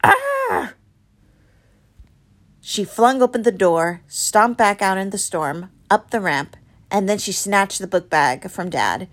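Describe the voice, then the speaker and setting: A woman reading a novel aloud, with dramatic storytelling that turns soft and hushed in quiet passages. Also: mid-range voice, unhurried. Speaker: reader.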